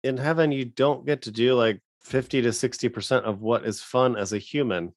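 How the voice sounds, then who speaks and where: A man co-hosting a casual podcast, talking in a rambling, halting way with frequent restarts. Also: mid-range voice, steady tone, no echo, clean studio sound. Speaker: podcast co-host.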